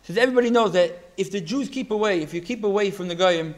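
A man giving a religious talk, telling a story in a halting way, with many restarts and repeated words. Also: high-pitched. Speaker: religious teacher.

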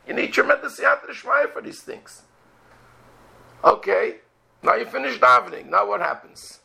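High, gravelly man giving a religious lecture. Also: expressive, unhurried, pushed and bright, low-quality recording. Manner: rhetorical questions, acts out prayers. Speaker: rabbi.

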